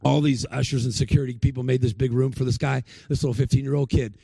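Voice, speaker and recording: Preacher guy telling stories in a sermon, raspy, close dry mic. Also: mid-range voice, flat delivery, fast talker, dark tone, no echo. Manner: storytelling, acts out the people he quotes.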